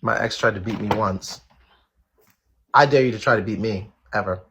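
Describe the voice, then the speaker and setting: Husky-voiced man, blunt live-stream host. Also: lowish voice, normal speed, fairly bright tone. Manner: blunt and outspoken, swears freely; talks straight to his viewers, repeating himself for emphasis. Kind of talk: casual live-stream commentary.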